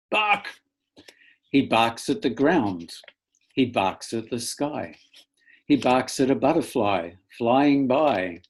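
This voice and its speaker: Over an online link from home, a children's author with a mid-range voice reads a picture book aloud to kids, playing it up theatrically and letting out loud barks.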